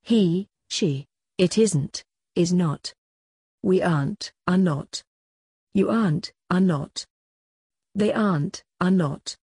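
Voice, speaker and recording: A woman slowly reading grammar drills for a course book in a measured, clearly enunciated way. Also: on the low side, mellow, no room sound, clean studio sound. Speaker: course audio narrator. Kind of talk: scripted textbook audio reading.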